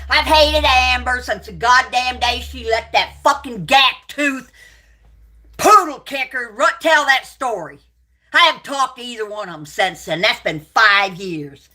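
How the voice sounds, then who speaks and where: A woman's voice: a little high, expressive, measured pace, bright, forceful tone. A middle-aged woman, hosting a livestream and delivering an angry, profane rant full of insults. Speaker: livestream host.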